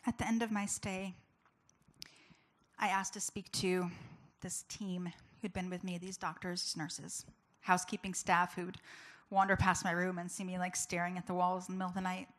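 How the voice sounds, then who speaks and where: A woman's voice: fairly low pitch, flat delivery, normal speed, fairly bright tone. A woman giving a personal testimony as a public speaker, telling her story candidly and conversationally with many casual fillers.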